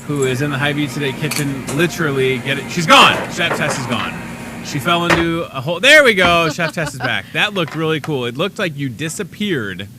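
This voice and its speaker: Playful, animated male talk show host. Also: on the high side, brisk, background noise. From Chicago area. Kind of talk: casual live chat.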